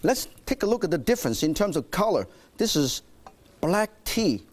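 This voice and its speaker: A man's voice: high-pitched, very animated, normal speed. A man hosting a cooking show, demonstrating a dish in a studio kitchen with playful energy, coaxing his audience along.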